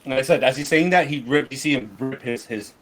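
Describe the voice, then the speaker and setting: A man's voice: mid-range voice, fairly quick, fairly bright tone. A man narrating a tabletop game as game master, rambling with many restarts.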